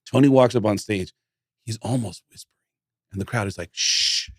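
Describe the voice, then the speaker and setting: Comedian guest, male, energetic storyteller who mimics people, dry close mic. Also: fairly low pitch, a little fast, slightly rough, no echo. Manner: animated storyteller who acts out voices. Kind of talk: casual storytelling chat.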